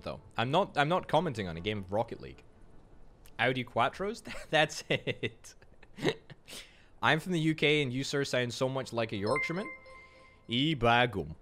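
Here a man from Scotland, speaking with a Scottish accent, has a medium pitch and a sharp tone. He's streaming a game, chatting casually and bantering back at viewers with fast jokes.

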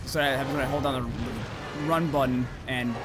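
A man giving casual gameplay commentary as a let's-play host, swearing freely and yelling insults at the monster he fights. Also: medium pitch, fairly even intonation, a little slow. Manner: profane, yells insults at the monster. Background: game music.

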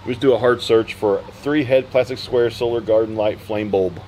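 A man's voice: on the low side, fairly even intonation, dark tone, slight background noise. A man casually unboxing returned goods for his channel, joking and stretching out words. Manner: playful, jokey, drawn-out words. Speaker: reseller unboxing return pallets.

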